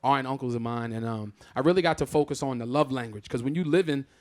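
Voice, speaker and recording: A man doing a live stand-up comedy set on a theatre stage, telling stories in a loud, exclamatory, profane way. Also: medium pitch, quick pace.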